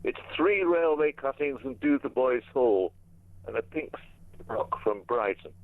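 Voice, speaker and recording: A man calling a radio show who recites his own rhymed poem in a measured, rhythmic way. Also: mid-range voice, expressive, no room sound. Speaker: caller. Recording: tinny dry phone line.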